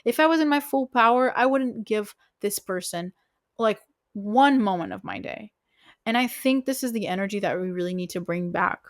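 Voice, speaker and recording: A woman hosting a podcast, giving casual relationship advice in a frank, emphatic way, swearing often and filling pauses with "like" and "you know". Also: medium pitch, no room sound, studio quality. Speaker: podcast host.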